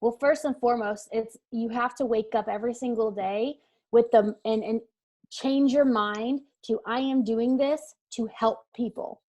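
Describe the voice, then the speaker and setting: A woman's voice: a little high, steady tone, moderate pace, a little mellow. Earnest emphatic woman coach. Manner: earnest and emphatic, with many fillers and restarts. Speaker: weight-loss coach, interview guest. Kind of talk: casual interview answer.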